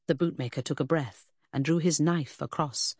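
A woman narrating a period mystery audiobook in an expressive storytelling manner. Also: deep voice, normal speed, slightly rough, no echo, clean studio sound. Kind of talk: scripted narration.

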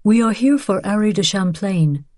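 A woman reading the part of an elderly male rabbi who speaks in a gentle, measured way. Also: mid-range voice, expressive, no echo, clean studio sound, pitched above the performer's own voice, lightly acted. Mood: gentle grave.

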